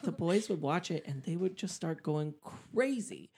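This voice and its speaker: Low-voiced, expressive woman. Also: moderate pace, very noisy. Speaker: parent on a podcast. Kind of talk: casual chat.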